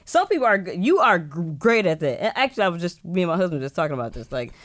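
A woman's voice: fairly low pitch, big pitch swings, very fast, no echo. A woman co-hosting a podcast in casual chat, laughing easily and steering the talk with reflective questions. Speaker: podcast co-host.

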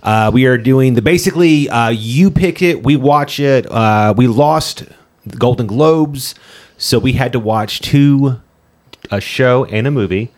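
A man's voice: medium pitch, a little slow. A man co-hosting a casual podcast, talking through shows and movies with many fillers and restarts. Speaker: podcast co-host.

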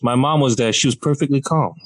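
A man casually telling a funny story on a podcast, lively and acting out the people in it. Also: fast, slightly rough, poor audio. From Malaysia. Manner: animated, acts out quoted people with big pitch jumps.

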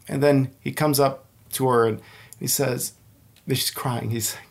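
A man chatting as a guest, telling stories in an animated way, laughing often and acting out lines. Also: mid-range voice, a little slow, gravelly. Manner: animated storyteller who laughs often and acts out movie lines. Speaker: podcast guest. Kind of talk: casual chat.

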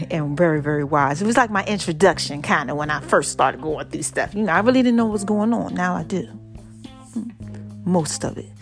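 A woman hosting a podcast, telling a personal story in an expressive, conversational way and talking straight to her listeners. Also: on the low side. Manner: expressive, conversational, addresses listeners directly as y'all and baby. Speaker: podcast host.

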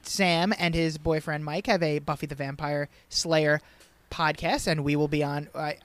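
A man's voice: on the high side, flat delivery, measured pace, a bit bright, no room sound. Chatty podcast co-host man. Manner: chatty, plugs and recommendations. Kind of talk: casual chat.

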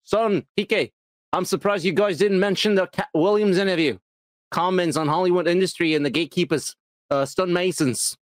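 A man co-hosting a casual podcast, laughing often and chiming in with quick agreement. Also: sits high, no room sound. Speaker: podcast co-host.

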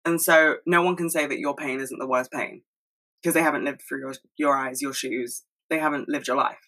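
A young woman talking fast and rambling in a casual monologue at home, swearing freely. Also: a bass voice, steady tone, bright, forceful tone, poor audio. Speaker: solo podcast host.

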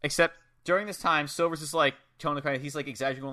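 A man with a piercingly bright, somewhat high voice tells the story of a match in a casual chat. He is excitable and curses freely as he goes. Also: racing. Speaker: podcast co-host. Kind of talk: casual wrestling match recap.

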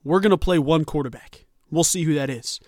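A man's voice: on the high side, fairly quick, darkish tone, no room sound, studio quality, natural voice. A man putting on a breezy, stubborn middle-aged football coach with a folksy Southern drawl. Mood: breezy, dismissive.

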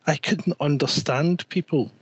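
A man's voice: on the high side, unhurried, husky. A middle-aged man co-hosting a podcast, chatting casually and getting indignant, repeating himself and swearing. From Scotland. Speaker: podcast co-host. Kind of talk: casual chat.

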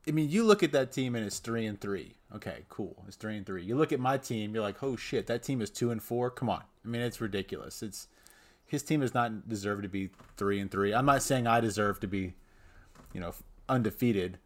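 A man in casual podcast banter, venting his frustration in a somewhat low voice. He laughs at himself between complaints. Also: fairly quick. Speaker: podcast co-host.

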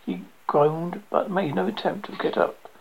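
A gravelly storyteller reading a tale aloud in plain audiobook narration, pitched in the middle, with occasional restarts over a word. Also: measured pace, lo-fi sound, a little hiss or hum. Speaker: reader.

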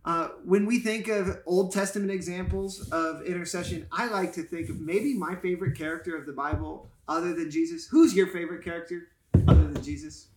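High-voiced pastor teaching with playful energy. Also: male voice, brisk, a little mellow, a little hiss or hum. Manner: playful, enthusiastic teacher who jokes and explains. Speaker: pastor and podcast co-host. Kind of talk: casual Bible teaching chat. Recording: roomy echo.

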